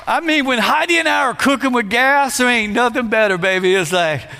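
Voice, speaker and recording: High-voiced gravelly pastor preaching in a hall. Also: male voice, fairly quick, a little hiss or hum. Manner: preachy, playful, builds to shouts. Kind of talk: sermon. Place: church sanctuary. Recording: long hall reverb.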